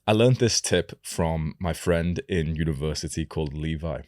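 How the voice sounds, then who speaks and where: Deep-voiced young man giving calm advice. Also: dry recording, faint music behind. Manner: slow, deliberate delivery with lowered sentence endings. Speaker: self-improvement coach. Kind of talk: advice talk to camera.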